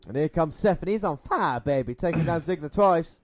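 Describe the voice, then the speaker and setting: A man co-hosting a podcast, giving excitable play-by-play of a wrestling match with swearing and banter, close to the mic. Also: a little high, a little fast, dry recording. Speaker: podcast co-host. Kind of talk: casual wrestling watch-along commentary.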